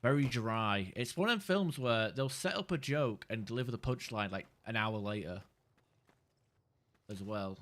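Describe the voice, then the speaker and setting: Man, lowish voice, casual streamer chat, sweary, rambling, keeps cutting himself off. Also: animated, normal speed, fairly bright tone. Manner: rambling, sweary, self-interrupting.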